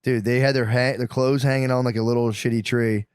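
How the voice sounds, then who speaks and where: A man's voice: medium pitch, little pitch movement, brisk, a little mellow, clear, resonant tone, dry recording, clean studio sound. A man co-hosting a podcast, telling rambling profane stories and laughing through them. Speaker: podcast co-host. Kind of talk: casual storytelling chat.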